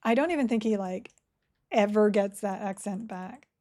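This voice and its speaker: A woman's voice: medium pitch, normal speed, dark tone. A woman live-streaming a game, chatting cheerfully and answering questions from chat as she plays. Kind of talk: casual live-stream chat while playing.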